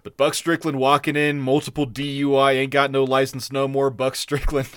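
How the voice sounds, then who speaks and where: A man's voice: medium pitch, monotone, moderate pace, fairly bright tone, clear, resonant tone, no echo. A young man co-hosting a casual podcast, talking loosely with lots of swearing and frequent laughs. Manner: loose, profane, laughing often. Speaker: podcast co-host.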